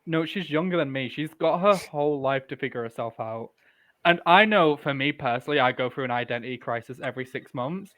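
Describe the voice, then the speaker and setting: A man's voice: mid-range voice, expressive, brisk, fairly bright tone. A man in his early twenties co-hosting a podcast, candid and opinionated, talking in long rambling runs. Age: 20s. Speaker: podcast co-host. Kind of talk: casual chat.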